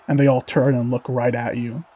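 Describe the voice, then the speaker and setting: A man's voice: mid-range voice, level tone, normal speed, warm tone, slightly rough. A man narrating as game master, describing scenes vividly with many fillers.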